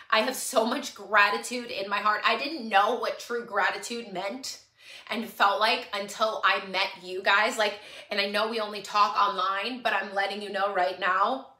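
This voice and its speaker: A livestream host, a woman, speaks earnestly and tearfully to her followers, pleading and saying things over and over. Her mid-range voice has a sharp tone, and the room is echoey.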